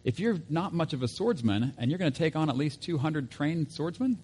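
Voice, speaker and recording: A man's voice: fairly high pitch, lively intonation, fairly quick, darkish tone, breathy edge. A man preaching a sermon in a casual, conversational way, with asides and self-corrections. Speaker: pastor.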